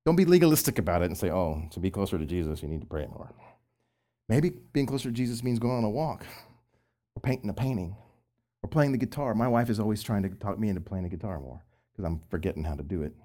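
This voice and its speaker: A middle-aged man and former youth pastor, talking about Christian marriage. His pitch leaps up and down with lively swings. He moves between loud, pressing emphasis and quiet asides. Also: fast talker. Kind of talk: Christian marriage advice talk.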